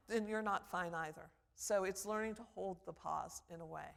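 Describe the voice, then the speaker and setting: Animated woman lecturing in a big hall. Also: medium pitch, normal speed, creaky, hardly any pauses. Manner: animated, acts out quoted voices. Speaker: public speaking teacher. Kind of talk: conference lecture. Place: conference hall. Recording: long hall reverb.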